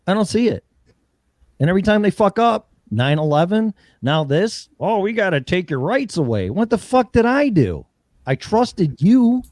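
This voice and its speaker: A man's voice: fairly high pitch, darkish tone, dry recording, clean studio sound. A man hosting a political talk show, ranting heatedly with profanity and mocking impressions. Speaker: show host.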